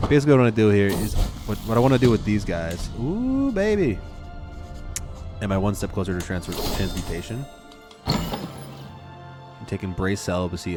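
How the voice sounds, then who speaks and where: A young man casually commenting on his own strategy game, muttering to himself and flaring up to yell at his units. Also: sits low, vocal fry. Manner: talks to himself, flares up yelling at his units. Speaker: streamer playing a strategy game. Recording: game music underneath. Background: game music.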